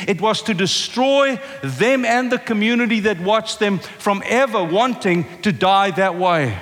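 A man preaching a passionate sermon, moving from forceful declarations to a hushed, intimate telling of a story. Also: sits high. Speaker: pastor. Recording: long reverb of a large hall.

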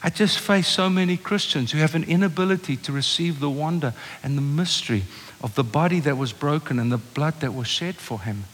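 A man's voice: on the high side, brisk, breathy edge. Passionate preacher man in a reverberant hall. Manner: passionate, swings from loud preaching to hushed storytelling. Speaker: pastor. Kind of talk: sermon. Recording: long reverb of a large hall.

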